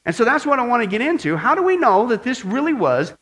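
High-voiced, lively male preacher. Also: quick pace, poor audio. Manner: animated, asks the audience questions. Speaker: preacher teaching a Bible study. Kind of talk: sermon.

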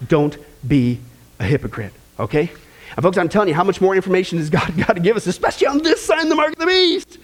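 Give me a man preaching a sermon with lots of energy, high-pitched and full of swings in pitch. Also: quick pace. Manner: animated, acts out quoted voices.

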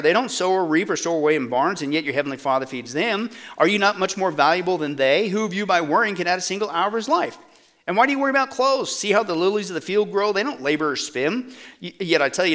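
Animated high-voiced preacher man. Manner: animated, asks the audience questions and answers them. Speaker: pastor. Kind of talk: sermon.

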